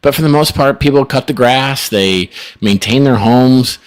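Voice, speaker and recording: A man's voice: mid-range voice, moderate pace. A middle-aged man co-hosting a podcast in casual chat, rambling and laid-back with frequent chuckles. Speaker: podcast co-host.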